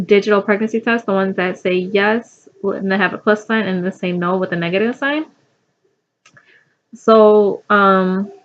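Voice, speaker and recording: A young woman tells a rambling personal story in a casual, chatty way, full of fillers and restarts. Her pitch sits in a middle range. The recording sounds dull and lo-fi. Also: fairly bright tone.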